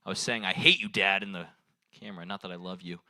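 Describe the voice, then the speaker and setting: Into a handheld stage mic at a small bar's open mic, a young man riffs through improvised stand-up crowd work, rambling loosely, cursing and cracking himself up. He talks fast in a low, sharp voice, and there's no echo.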